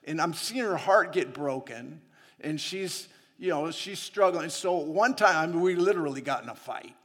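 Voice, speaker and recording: A male preacher tells personal stories from the pulpit in a loose, chatty way. He laughs often between lines, and his voice sits somewhat high for a man. The sound carries a long reverb from a large hall. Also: expressive, moderate pace, a bit bright. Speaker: missionary preacher. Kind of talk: sermon with personal storytelling.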